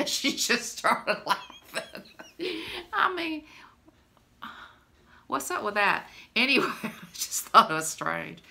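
A woman's voice: mid-range voice, expressive, takes it slowly, vocal fry, long pauses, bright, forceful tone. A woman, chatting to camera in a rambling, friendly way and laughing often. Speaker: vlogger. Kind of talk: casual chat to camera.

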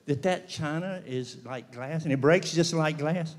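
A man giving a memorial speech, telling a story in an animated way and acting out the dialogue with comic timing. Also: a little high, normal speed, few pauses. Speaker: eulogy speaker. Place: event hall.

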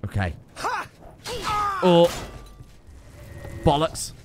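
A man's voice: fairly high pitch, big pitch swings, drawn-out words, background noise. A man giving casual, sweary, joking commentary while playing a video game. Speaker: let's play gamer.

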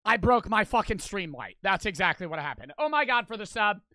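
A young man with a high, very animated voice and a sharp tone livestreams at a fairly quick pace, a little out of breath. He talks loosely, crudely, and profanely straight to his chat while reading out donations. There's no echo.

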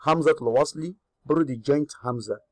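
A man teaching a grammar lesson. He repeats each word slowly, gives its English meaning and asks the learner questions. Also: a little high, darkish tone, no room sound. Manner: repeats Arabic words slowly, then glosses them in English. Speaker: Arabic teacher.

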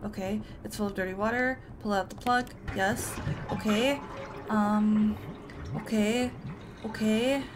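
A woman's voice: medium pitch, steady tone, takes it slowly, background noise. A woman giving casual let's-play commentary, talking to herself and letting out frightened yelps.

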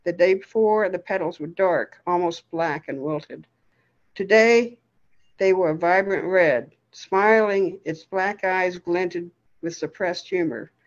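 A woman storyteller reading a story aloud in a steady, expressive way. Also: fairly low pitch, takes it slowly, lo-fi sound.

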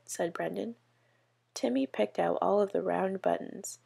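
Gravelly, husky woman reading a story. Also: lowish voice, a little slow, mellow. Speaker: early years educator. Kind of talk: reading a picture book aloud.

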